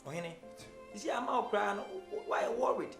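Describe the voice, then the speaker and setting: An actor playing a sympathetic friend who calmly gives advice, in an echoey room over music. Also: mid-range voice, brisk, gravelly. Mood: consoling.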